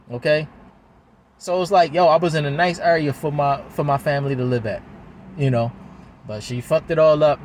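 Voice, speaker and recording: A man's voice: mid-range voice, slight background noise. Heated, rambling man outdoors. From Baltimore, USA. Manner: heated, rambling, repetitive, swears often. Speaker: father talking to camera. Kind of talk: emotional venting monologue.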